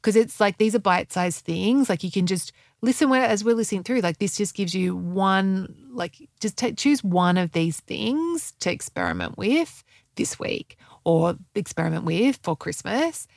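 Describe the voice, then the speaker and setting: Middle-aged woman host with a gravelly voice. Dry, close sound. Casual, rambling chat. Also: medium pitch, animated, moderate pace, a little mellow, no room sound. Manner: chatty, rambling, many "like" fillers and self-corrections. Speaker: podcast host and health coach.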